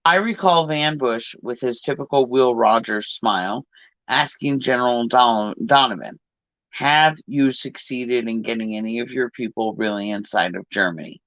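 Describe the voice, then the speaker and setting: Male host reading a book aloud, deliberate, in a dry and dead-sounding recording. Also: mid-range voice, fairly bright tone, no room sound, lo-fi sound. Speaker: podcast host.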